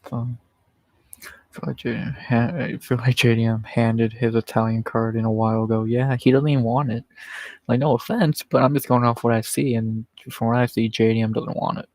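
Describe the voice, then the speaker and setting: Gravelly, flat-voiced male streamer. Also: medium pitch, moderate pace, dry recording, rough recording. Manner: profane, rambling, chuckles often. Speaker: livestream host. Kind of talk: casual livestream chat.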